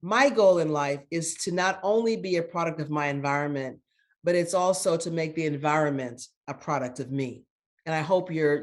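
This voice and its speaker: A grandmother guest in an interview, telling a story in an earnest, motivational way with repeated words for emphasis. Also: low-pitched. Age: older.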